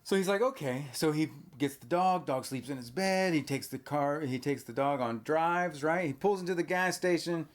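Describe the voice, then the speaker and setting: A man hosting a podcast who recaps a movie in a lively, chatty way and keeps prompting his co-host with questions. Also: a little high, moderate pace, few pauses. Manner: animated, retelling plot and prompting with questions. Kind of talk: casual chat recapping a movie.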